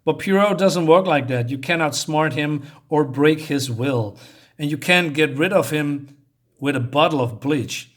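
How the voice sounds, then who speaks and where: A man voicing a calm, knowing woman bound to a haunted hotel, coolly warning her guest. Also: a little high, a little slow.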